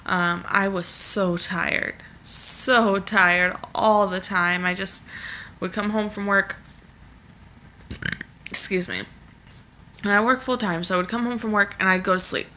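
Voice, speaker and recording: Chatty bright-voiced young woman vlogger. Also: medium pitch, steady tone, measured pace, pauses often, slight background noise. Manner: chatty, rambling with fillers. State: pregnant. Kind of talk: casual chat to camera.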